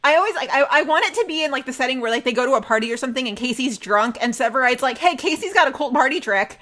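A woman's voice: sits high, very fast, fairly bright tone. A young woman co-hosting a fan podcast, chatting casually and gushing with enthusiasm. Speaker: podcast co-host.

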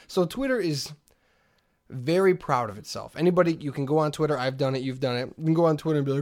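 A man's voice: fairly high pitch, expressive, rapid-fire, a little mellow. A man co-hosting a casual comedy podcast, ranting animatedly and slipping into mocking voices. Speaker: podcast co-host.

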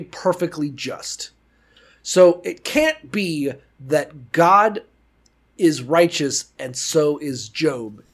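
Animated, profane casual man. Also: a little high. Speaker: podcast co-host. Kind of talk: casual chat.

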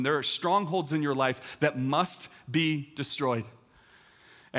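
A man's voice: medium pitch, fairly bright tone. A teaching pastor in his thirties giving a conversational sermon, telling a personal story with lots of restarts and "like".

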